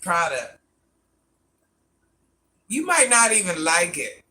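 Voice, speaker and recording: High-voiced man chatting on a live stream. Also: expressive, moderate pace, bright, forceful tone, slight background noise. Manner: rambling, answers viewer comments and talks to people off camera. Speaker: live streamer. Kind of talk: casual live-stream chat.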